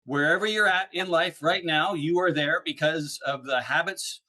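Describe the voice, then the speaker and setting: A man, a guest on an interview podcast, explaining ideas in an animated, chatty way and often checking in with "right?". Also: on the high side, normal speed. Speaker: podcast guest, speaker on neuroplasticity. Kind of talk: casual interview chat.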